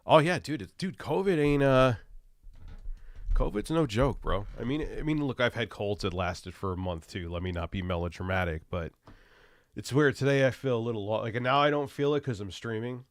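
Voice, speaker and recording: A man's voice: mid-range voice, normal speed, dry recording, studio quality. A man with a stuffy nose from a cold, ranting loosely and profanely while livestreaming. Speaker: streamer. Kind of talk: casual livestream rant.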